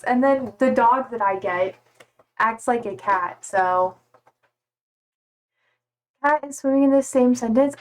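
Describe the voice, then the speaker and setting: A bubbly young woman streamer in casual chat, gushing over her pets with cooing baby talk. Her voice sits high, and she takes her time, drawing words out unhurriedly. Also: poor audio.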